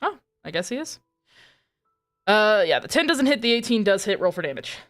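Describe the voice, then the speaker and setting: A woman narrating and running a tabletop role-playing game as game master, briskly directing players. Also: mid-range voice, very animated, faint music behind.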